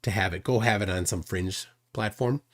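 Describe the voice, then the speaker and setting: A man's voice: on the low side, moderate pace. A man hosting a livestream, commenting indignantly on a clip and reading chat aloud. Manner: indignant, reads chat aloud, frequent "right?". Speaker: livestream host.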